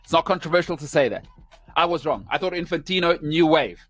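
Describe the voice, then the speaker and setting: A man's voice: a little high, lively intonation, fairly quick, a bit bright, soft background music. A man hosting a sports show, delivering an opinionated rant in emphatic, punchy short phrases.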